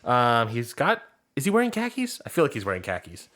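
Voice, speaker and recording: A man with a voice of middling pitch co-hosts a podcast in relaxed, casual chat. He teases his partner with playful banter as he talks through the episode. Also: a little fast. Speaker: podcast co-host.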